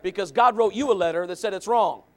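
A man preaching a sermon, jumping between loud shouted lines and low murmured asides, with a gravelly edge to his voice. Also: fast talker. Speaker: pastor.

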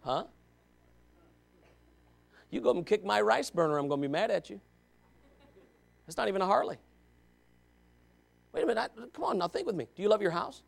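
A Baptist pastor preaching a fervent sermon, swinging between quiet asides and shouts. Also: male voice, sits high, big pitch swings, fairly quick, vocal fry, pauses often.

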